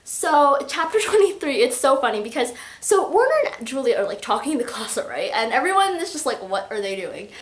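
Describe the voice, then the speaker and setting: A woman's voice: high voice, very animated, a little fast, hardly any pauses, reverberant. A young woman chatting casually about a book she loves, giggling and acting out lines in little voices. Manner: gushing, giggly, acts out quotes in voices. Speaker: book vlogger. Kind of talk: casual book review chat.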